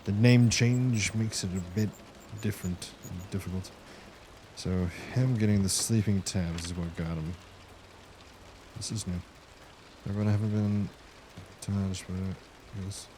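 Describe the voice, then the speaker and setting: A man's voice: fairly low pitch, fairly even intonation, a little slow, background noise. A man streaming a game, rambling casually and chatting with viewers as he plays. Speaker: gaming streamer. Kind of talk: casual live-stream commentary.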